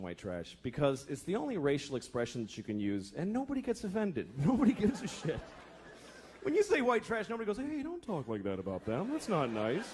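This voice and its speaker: A man in his thirties doing a profane stand-up routine, exasperated, slipping into quick character voices. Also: fairly high pitch. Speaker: stand-up comedian. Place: comedy club stage with laughing audience. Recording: live club recording with audience noise. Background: audience laughter.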